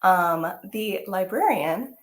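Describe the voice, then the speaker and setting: Animated woman reading aloud to children. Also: mid-range voice, slow pace, reverberant. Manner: animated, exclamatory, asks the children questions. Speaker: teaching artist.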